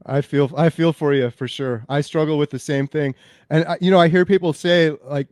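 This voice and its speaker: A man's voice: fairly high pitch, fairly even intonation, darkish tone, no echo, clean studio sound. A man hosting an interview, talking in an upbeat, enthusiastic way in casual conversation. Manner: enthusiastic, upbeat, quick to praise. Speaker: host.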